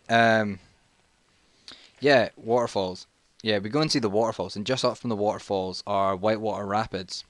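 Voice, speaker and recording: A man's voice: lowish voice, fairly bright tone, no room sound. A man, telling a jokey, rambling story in a casual vlog while playing a video game and getting sidetracked. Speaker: vlogger.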